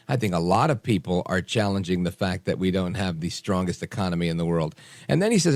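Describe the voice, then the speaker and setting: A man hosting a late-night talk radio show, animated and opinionated with quick asides. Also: lowish voice, dry recording. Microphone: studio microphone.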